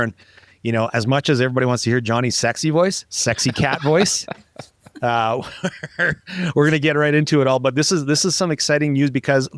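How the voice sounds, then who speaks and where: A man's voice: mid-range voice, no room sound, clean studio sound. A man hosting a podcast in casual chat, joking around and rambling with plenty of fillers. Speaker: podcast host.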